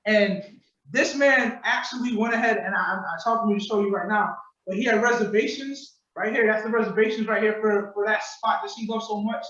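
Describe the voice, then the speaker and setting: Male podcast host, high-pitched, slangy and animated, recorded distant in an echoey room over a video call. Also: fairly quick, dull audio. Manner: animated storytelling, acts out quotes, profane slang. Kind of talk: casual podcast commentary.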